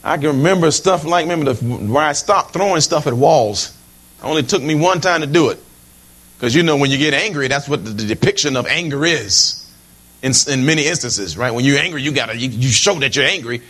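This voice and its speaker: A middle-aged man preaching a sermon in an animated, humorous way, with many asides to the congregation and frequent repeated words. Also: a little high, brisk. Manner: repeats words and restarts phrases while preaching.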